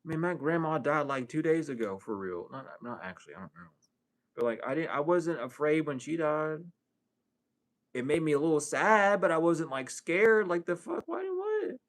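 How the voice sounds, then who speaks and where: A man's voice: sing-song, moderate pace. Profane, streetwise man, wide swings. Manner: swings from low mutter to high exclaims. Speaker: spiritual reader. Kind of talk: casual spiritual monologue.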